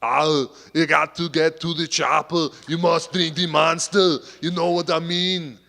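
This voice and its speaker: A Scottish man putting on a loud, drawling, exaggerated impression of an action-star man. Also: fairly high pitch, steady tone, measured pace, gravelly, in a large hall, voice pushed up, heavily acted. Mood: boastful.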